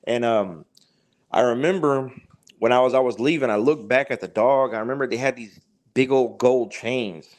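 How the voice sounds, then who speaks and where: A man as a podcast guest telling a long, halting story in casual talk, swearing freely. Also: mid-range voice.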